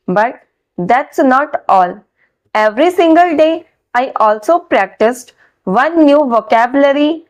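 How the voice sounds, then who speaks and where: Woman doing a scripted vlog, kinda high voice, talks real slow and careful. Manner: slow and deliberate, careful pronunciation. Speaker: vlogger sharing her English learning.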